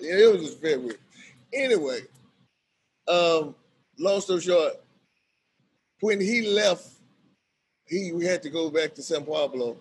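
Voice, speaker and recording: Brief: middle-aged man, slightly higher voice, lively storyteller who laughs easily, faint background noise. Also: unhurried, pauses often. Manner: animated, acts out quoted voices, laughs often. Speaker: bishop and violence-prevention worker. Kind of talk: casual storytelling in a conversation.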